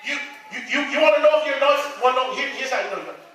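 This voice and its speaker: Male pastor, high bright voice, repeats himself, recorded from afar in a big echoey sanctuary. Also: very fast. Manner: repetitive, stammering restarts, talks to the congregation. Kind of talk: sermon. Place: church sanctuary. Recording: echoey sanctuary, distant mic.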